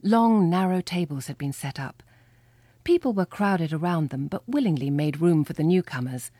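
A woman reading a children's storybook aloud with lively, expressive storytelling. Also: sits low, moderate pace, no room sound. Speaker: reader. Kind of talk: storybook read-aloud narration.

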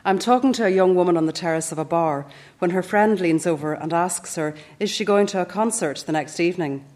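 A Northern Irish woman in her fifties reading her own reflective first-person essay in a measured way. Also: lowish voice, darkish tone. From Northern Ireland. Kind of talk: scripted first-person narration.

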